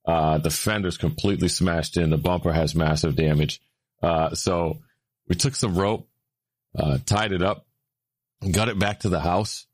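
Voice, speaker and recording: A man telling a story in casual chat, with lots of fillers, getting louder and higher when he gets worked up. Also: measured pace, dry recording. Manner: animated, rising when worked up, many fillers.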